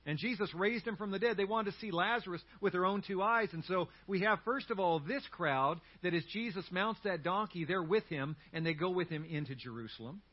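Storytelling male pastor, lively sermon. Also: sits high, fairly quick, few pauses, slightly rough, dull audio. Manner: storytelling, animated, with asides and self-deprecating humor.

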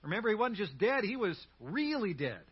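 Storytelling male pastor, lively sermon. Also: high-pitched, a little fast, husky, muffled recording. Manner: storytelling, animated, with asides and self-deprecating humor.

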